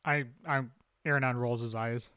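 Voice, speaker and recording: A man's voice: medium pitch, fairly even intonation, normal speed, pushed and bright, clear, resonant tone, no room sound. A man playing in a tabletop game, making dry, wry remarks. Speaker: player. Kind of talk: casual tabletop game play.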